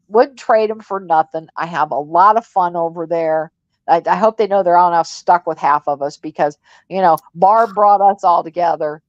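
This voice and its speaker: A woman from Missouri co-hosts a livestream, chatting in a rambling, frank way. Her voice is fairly low, and the sound is dull, lo-fi and dry with no echo.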